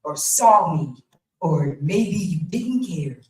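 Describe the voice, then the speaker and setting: A woman performing a raw, profane, confessional spoken-word poem live at a slam, swinging between hushed and loud lines. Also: low voice, lively intonation, slow. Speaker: slam poet. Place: indoor theater venue. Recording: echoey venue, voice from a distance.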